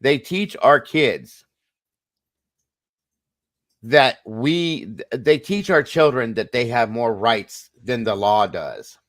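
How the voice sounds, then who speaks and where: A man's voice: mid-range voice, expressive, takes it slowly, pauses often, a bit bright, no room sound. A middle-aged man hosting a casual livestream chat, telling a personal story earnestly and talking straight to his viewers. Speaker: host.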